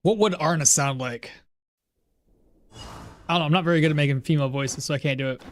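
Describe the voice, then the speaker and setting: A man giving casual, rambling gameplay commentary, chatty and quick to laugh, at a home setup. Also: on the high side, slight background noise. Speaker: gaming streamer.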